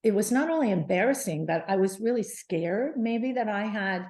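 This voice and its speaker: A middle-aged woman, a guest on an interview show, telling her story in a lively, animated way with many restarts. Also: medium pitch, moderate pace. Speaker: guest, menopause advocate.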